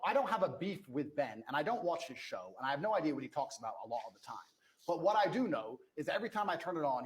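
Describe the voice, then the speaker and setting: A man speaks with a high, swooping voice that climbs and drops through wide turns. He argues as a guest in a heated debate, forceful and indignant, hammering the same points again and again. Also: rough recording. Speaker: interview guest.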